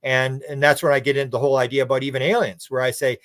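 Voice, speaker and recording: A man's voice: medium pitch, flat delivery, rapid-fire, a bit bright, dry recording, clean studio sound. A man who is a guest on a podcast. He tells stories in a rambling, casual way, restarts his words and acts out what other people said. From Canada. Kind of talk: casual conversational storytelling.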